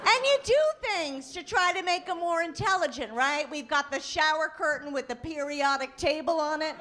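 A middle-aged woman doing a stand-up comedy set on a club stage, telling chatty, animated stories about her kids with mock outrage. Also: high voice, normal speed. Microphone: handheld stage mic. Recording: live club recording with audience. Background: audience laughter and room noise.

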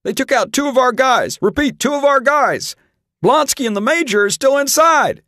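A man voicing a panicky young soldier shouting over a radio in an audiobook. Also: very high-pitched, a little slow, dry recording, clean studio sound, voice pushed up. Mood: panicked. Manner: frantic, shouting.

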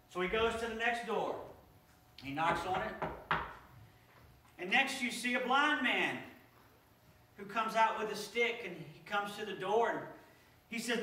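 A male pastor telling a story in a sermon, animated and repeating his words as he goes. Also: high voice, a little slow, pauses often. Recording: echoey church from far off.

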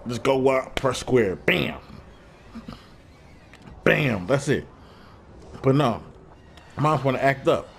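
A man talks over his gameplay in loose, slangy, trash-talking commentary. His mood swings between cocky hype and frustration. His voice sits at an ordinary middle pitch, with a faint hiss of noise behind it. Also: lively intonation, takes it slowly, vocal fry, pauses often. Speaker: gaming YouTuber.

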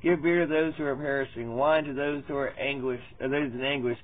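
A man's voice: mid-range voice, steady tone, brisk. A man reading Bible verses in a profane, rambling parody sermon, often losing his place. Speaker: mock preacher. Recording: tinny lo-fi phone-like sound.

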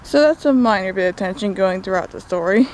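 A woman's voice: medium pitch, lively intonation, brisk, a little mellow, a little hiss or hum, low-quality recording. A young woman casually recapping a book on a walk in the woods, with sarcastic asides, recorded on a phone. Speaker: book vlogger. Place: outdoors in woods.

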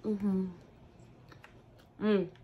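A woman's voice: medium pitch, little pitch movement, extremely slow, phone-quality sound, a little hiss or hum. A young woman, chatting casually between bites in a mukbang eating vlog. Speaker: food vlogger.

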